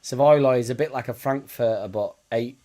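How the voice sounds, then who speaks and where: A man's voice: medium pitch, moderate pace, a little mellow. A Yorkshire man hosting a casual football watchalong stream, chatting bluntly with viewers, swearing and bantering. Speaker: livestream host.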